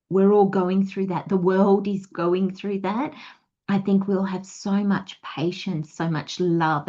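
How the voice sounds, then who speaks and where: An Australian woman talks through a tarot reading in a loose, rambling way and now and then acts out the thoughts of her listeners. Her voice is mellow and relaxed and sits at an ordinary pitch. The recording is a little dull and muffled. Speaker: tarot reader. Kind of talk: casual spiritual guidance talk.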